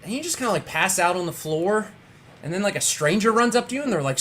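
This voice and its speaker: Animated male stand-up comic on a video call. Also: sits high, fast. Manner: animated storytelling with loud acted-out shouts. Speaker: comedian. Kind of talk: stand-up comedy set.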